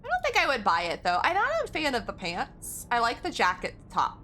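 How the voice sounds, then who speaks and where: A woman's voice: on the high side, huge pitch swings, fairly quick, bright, forceful tone, a little hiss or hum. A woman game streamer in casual live-stream chat, rambling and giggling as she talks to her viewers.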